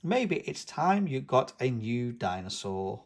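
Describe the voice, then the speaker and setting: Brief: a man as a jolly, hearty daddy pig, lively delivery. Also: medium pitch, slow, exaggerated voice. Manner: hearty fatherly tone.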